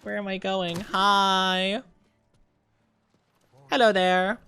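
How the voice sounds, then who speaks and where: A man's voice: sits high, little pitch movement, extremely slow, bright, forceful tone, clean tone, soft background music. A young man streaming a game, chatting with his viewers and playfully denying their teasing. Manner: playfully defensive, teasing denials to chat.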